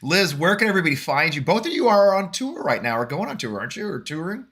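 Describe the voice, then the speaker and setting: A man's voice: sits high, sing-song, quick pace, fairly bright tone, breathy edge. A man hosting a casual political talk show, chatty and rambling, who laughs at his own jokes and then urges viewers to act. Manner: earnest, rallying appeal to viewers.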